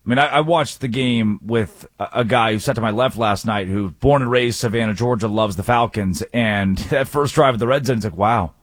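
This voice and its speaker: A man's voice: medium pitch, brisk, hardly any pauses, no echo. A man hosting a sports radio show, energetically rattling off game stats.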